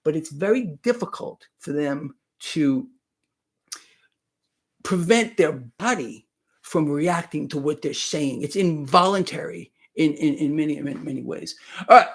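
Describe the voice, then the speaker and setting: Livestream host, male, high and lively delivery, emphatic with stammering restarts. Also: moderate pace. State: sweating. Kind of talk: casual livestream chat. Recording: speaking to a live stream.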